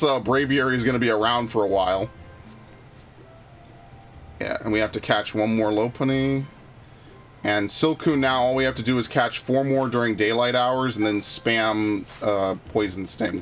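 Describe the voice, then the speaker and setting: A man's voice: mid-range voice, fairly bright tone, slight background noise. A man streaming a video game, chatting casually and ranting heatedly with lots of swearing and restarts. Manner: profane, heated storytelling with frequent restarts. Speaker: gaming streamer. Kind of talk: casual gameplay commentary and ranting.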